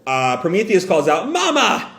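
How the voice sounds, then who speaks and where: A man's voice: on the high side, big pitch swings, normal speed, a bit bright. A man reads comics aloud in a casual, musing way, breaking off for his own asides. His voice rises and falls a lot. The room he is in echoes noticeably. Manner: musing, lots of fillers and asides. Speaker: manga reader. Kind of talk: casual read-aloud with commentary.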